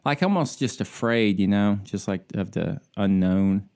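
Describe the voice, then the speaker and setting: A man's voice: lowish voice, measured pace, darkish tone, smooth. A laid-back man from the United States co-hosting a casual podcast chat, joking and often trailing off with "I don't know.". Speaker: podcast co-host. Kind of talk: casual chat over drinks. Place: home in Alaska on a video call.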